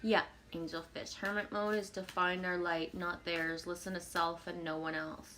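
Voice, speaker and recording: A woman on a live stream at home, reading viewer comments aloud and answering them in a relaxed, rambling way with frequent fillers and soft laughs. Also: lowish voice, moderate pace, a little hiss or hum. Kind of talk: casual live-stream chat.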